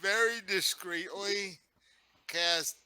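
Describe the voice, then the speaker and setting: Slow, bright-voiced male player. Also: high-pitched, smooth, no room sound, poor audio. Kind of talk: casual tabletop play.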